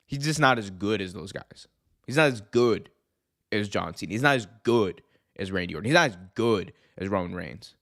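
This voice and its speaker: A man's voice: fairly low pitch, normal speed. A young adult man hosting a wrestling show, ranting casually to his viewers, repeating points and restarting sentences as he goes. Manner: animated, repeats himself, frequent restarts and fillers. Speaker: wrestling podcast host. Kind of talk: casual opinion rant to live viewers.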